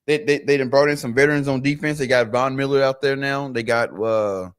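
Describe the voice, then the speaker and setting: Male co-host, casual sports chat, medium pitch, animated retelling with stammered restarts. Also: a little fast, clear, resonant tone. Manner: animated storyteller, acts out quoted voices, repeats words. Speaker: podcast co-host.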